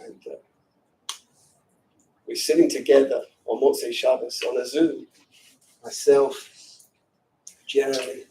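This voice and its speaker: A man giving an emotional Torah lecture to a women's seminary class, swinging from hushed and choked to shouting. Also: medium pitch, slight background noise. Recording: distant from the mic.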